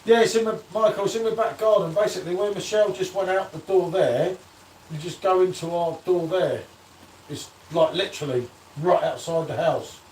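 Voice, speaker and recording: A man's voice: high voice, moderate pace, darkish tone, a little hiss or hum. A man hosting a casual live beer-review stream, bantering and reading out viewer comments. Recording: echoey room, distant from the mic.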